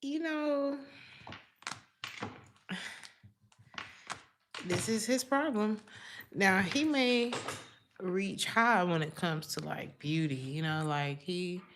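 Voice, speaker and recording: A woman's voice: deep voice, a bit bright. A woman giving a live-streamed tarot reading in a casual, chatty way, calling the viewer honey. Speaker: tarot reader.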